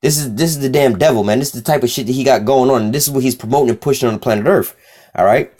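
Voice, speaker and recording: A young man giving an informal scripture teaching in a casual, profane way, reading verses aloud slowly between loose, repetitive asides full of fillers. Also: mid-range voice, darkish tone.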